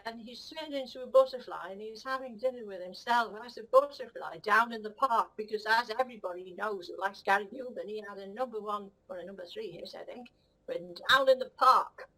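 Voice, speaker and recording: A woman's voice: medium pitch, a little fast, pushed and bright, rough recording. A woman voicing a vain, cheeky female cat who rambles rudely and admires herself. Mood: cocky rambling. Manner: rambling, rude, self-admiring, giggly. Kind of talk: comic puppet-style monologue.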